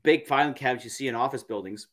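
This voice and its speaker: A man, a podcast guest, telling a story in a halting, casual way, repeating words and using many fillers. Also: medium pitch, a bit bright.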